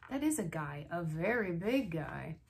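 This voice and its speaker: A woman voicing a brash, bossy schoolboy in a storybook read-aloud, with loud, excited exclamations. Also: on the low side, measured pace, breathy edge, heavily acted. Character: brash, bossy schoolboy who loves monsters.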